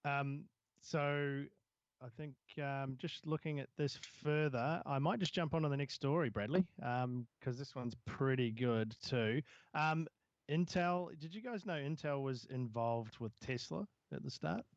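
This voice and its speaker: A man's voice: mid-range voice, a little slow, no room sound, lo-fi sound. A man co-hosting a casual tech news podcast, rambling with many fillers and restarts. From Southern Hemisphere. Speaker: podcast co-host.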